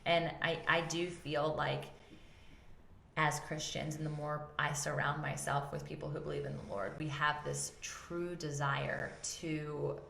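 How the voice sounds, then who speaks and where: A woman hosting a casual faith talk, telling a personal story with animated acted-out quotes. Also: low voice, a little slow, gravelly, echoey room, slight background noise. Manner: animated, acts out her own quotes. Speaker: podcast host.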